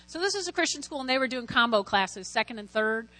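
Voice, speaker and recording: A woman with a high, bright voice delivers a sermon, lively and calling out to her listeners for answers. A faint mains hum sits under the recording. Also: fast. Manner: lively, lots of call-and-response. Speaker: Christian teacher preaching.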